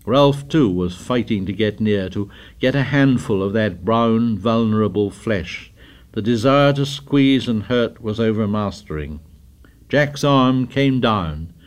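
A man reads a novel aloud at an ordinary, middle pitch. He keeps the narration steady, then jumps his voice up high and strong for the boys' excited shouting. The reading is scripted and carefully paced. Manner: lifts his voice for the boys' dialogue, drops low for narration. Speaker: audiobook narrator.

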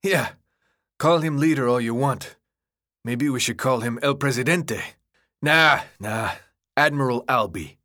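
A man's voice: mid-range voice, a little slow, pauses often, bright, forceful tone, no echo, studio quality. A man voicing a brash, sarcastic teenage boy who is out of breath, mocking and bossy. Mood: scornful.

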